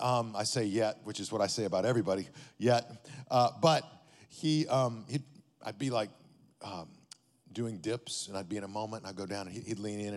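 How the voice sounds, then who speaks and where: A man's voice: on the low side, in a large hall. A man, a pastor, telling a story in a sermon in a conversational way, often checking in with his listeners.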